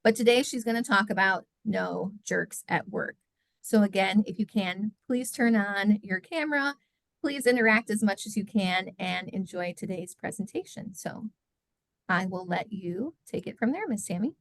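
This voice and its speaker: Woman moderator with a creaky voice. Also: medium pitch, moderate pace, dry recording. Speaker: session moderator. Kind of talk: introducing a speaker. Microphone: video call.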